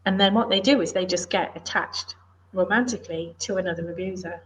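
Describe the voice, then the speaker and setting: A woman's voice: lowish voice, a little fast. A middle-aged woman from the UK, a former police officer and author, talking in an earnest, emphatic, plain-spoken way in a casual interview.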